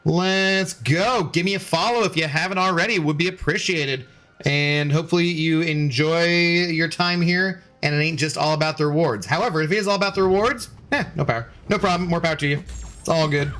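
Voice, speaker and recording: A man's voice: a little high, a little fast, fairly bright tone. A man streaming a video game in a casual, rambling way, greeting viewers and reading their chat aloud. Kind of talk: casual live-stream commentary.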